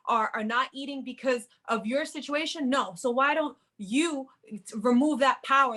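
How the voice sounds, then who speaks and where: A woman in casual podcast chat, telling her story in an animated way and quoting what she told herself. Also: fairly high pitch. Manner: animated, quotes her own inner talk. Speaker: podcast co-host.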